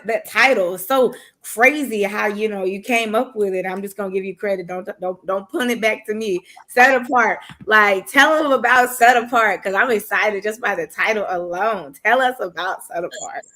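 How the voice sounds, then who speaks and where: A woman's voice: mid-range voice, a bit bright. Enthusiastic woman host on a video call. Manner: enthusiastic, hypes up the guest. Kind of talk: virtual summit interview.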